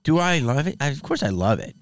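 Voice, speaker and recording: A fast-talking man with a medium-pitched voice hosts a podcast, recorded with no room sound. He's an animated storyteller in a casual chat, laughing a lot along the way.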